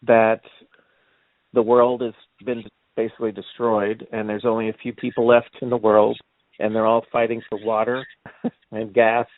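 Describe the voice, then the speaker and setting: A man's voice: lowish voice, little pitch movement, normal speed, dry recording. A man co-hosting a casual movie review chat, telling stories in a rambling way and acting out quotes. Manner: rambling storyteller, acts out quotes, laughs often. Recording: tinny phone-like line, dry.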